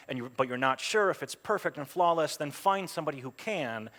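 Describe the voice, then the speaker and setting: A man who works as a voice actor, giving a chatty, anecdotal talk at a game event with lots of ums and quick voiced asides. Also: medium pitch, a bit bright. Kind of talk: conference talk. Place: stage at a game jam event.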